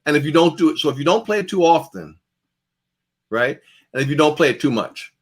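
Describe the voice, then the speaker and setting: A man teaching a guitar master class in a loose, conversational lecture style, his voice sitting a little on the high side. He drives points home by repeating phrases, and he lets his volume rise and drop freely as he talks. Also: animated, fairly quick, slightly rough. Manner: swings between loud and soft.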